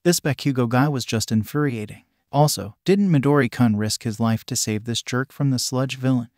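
A man reading fanfiction aloud in an even, plain way. His voice sits at an ordinary middle pitch for a man. It is recorded close and dry, with no room sound around it. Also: normal speed, dry recording. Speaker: narrator.

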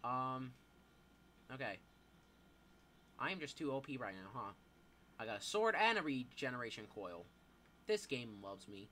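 A teenage boy giving live gameplay commentary, excitable, yelping and swearing as things happen. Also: medium pitch, measured pace, pauses often, a little hiss or hum. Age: teens. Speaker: gamer.

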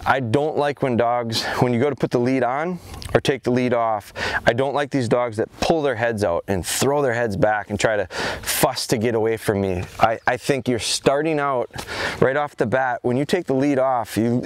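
A middle-aged man, a dog trainer, talking through an outdoor training session in a calm, plain-spoken way, recorded outside on a camera mic. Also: mid-range voice, smooth. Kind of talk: casual instructional vlog. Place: outdoors in a yard.

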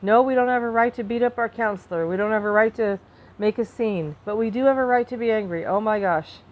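A woman talking to camera in an emotional personal monologue, impassioned, restarting and repeating herself, flaring into anger and then softening. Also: on the high side, fairly quick, phone-quality sound. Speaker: vlogger.

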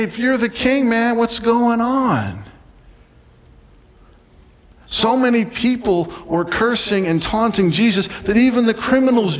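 A man preaching a sermon in a church, lively and dramatic, sometimes acting out the voices of a crowd. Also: high-pitched, long reverb tail. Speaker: pastor. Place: church sanctuary.

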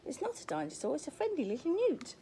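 An older woman reading a children's picture book aloud, pausing to point at pictures and ask the child questions. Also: high voice, wildly swooping pitch, mellow, slight background noise. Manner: asks the young listener questions, points at pictures. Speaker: storyteller.

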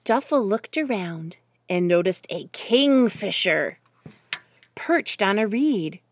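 A woman reading a picture book aloud to children, gently asking them questions along the way. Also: sits high, no room sound.

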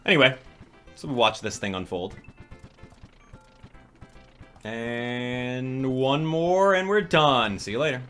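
A young man hosting a gaming channel, giving excitable, jokey live commentary and reading out and answering viewers' chat as he plays. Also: medium pitch, fairly quick, soft background music.

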